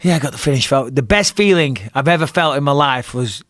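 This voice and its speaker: A middle-aged man telling a fight story in a casual podcast chat, animated and profane, with frequent restarts. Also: mid-range voice, quick pace, no echo, studio quality. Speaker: guest, retired fighter and commentator.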